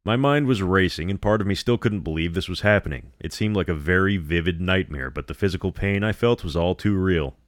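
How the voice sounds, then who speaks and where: A man with a very low voice tells a scripted horror story in a steady, measured way. The sound is dry and close, with no echo.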